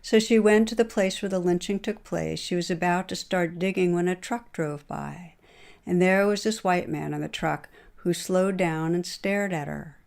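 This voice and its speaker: A woman meditation teacher giving a dharma talk, telling a story in a gentle, measured way and closing with calm meditation instructions. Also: fairly low pitch, creaky.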